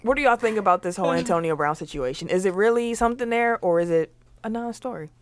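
A woman's voice: mid-range voice, fast talker, no room sound. A woman hosting a casual sports chat, leading the topics and asking the others questions. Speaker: podcast host.

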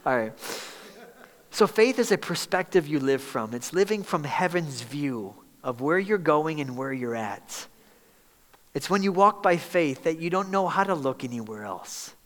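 A middle-aged pastor with a high, animated voice preaches at a moderate pace. He keeps it conversational, asking the congregation in the church hall questions, and the recording carries the hall's reverberation.

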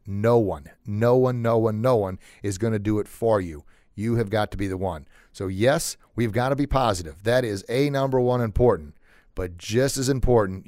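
A man's voice: medium pitch, a little mellow, dry recording, clean studio sound. A middle-aged man hosting a motivational podcast, talking earnestly and repeating phrases for emphasis. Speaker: podcast host.

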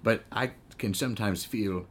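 A man's voice: on the low side, normal speed, slight background noise. A man hosting a casual podcast interview, rambling and courtly, with many hesitations and laughs. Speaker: podcast host. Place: living room couch.

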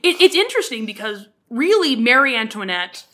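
A woman's voice: a little high, big pitch swings, brisk, a bit bright. A woman co-hosting a casual podcast chat, telling history anecdotes with dry jokes and filler words. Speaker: podcast co-host.

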